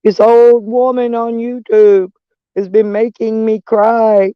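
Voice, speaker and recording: A woman's voice: fairly high pitch, flat delivery, slow, clean tone, dry recording, lo-fi sound, voice pushed up. An older woman putting on the voice of a whiny, self-pitying man who snitches, in a mocking sing-song. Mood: whining.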